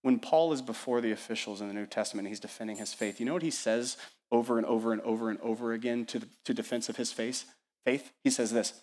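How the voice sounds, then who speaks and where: A man preaching a sermon at church as the pastor, building energetic repeated lists and asking the congregation rhetorical questions. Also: mid-range voice, quick pace.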